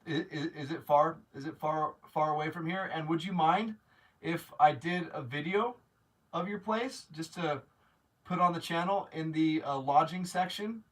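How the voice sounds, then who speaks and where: A man's voice: a little high, normal speed, a bit bright, recorded from a distance. A man hosting a casual live stream, chatting to viewers, rambling with many restarts and growing openly grateful. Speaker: livestream host.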